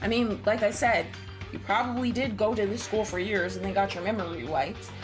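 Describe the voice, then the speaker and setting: A woman's voice: mid-range voice, a little fast. A woman streamer chatting casually while reading a visual novel aloud, sarcastic and full of profanity. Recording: game music under the voice. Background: game music.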